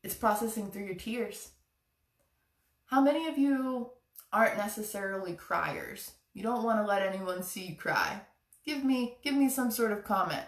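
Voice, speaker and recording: Speaking at a normal pace with medium pitch and lively intonation, a woman hosts a live-streamed chakra challenge from an echoey room, away from the mic. She encourages her viewers in an earnest, motivational way.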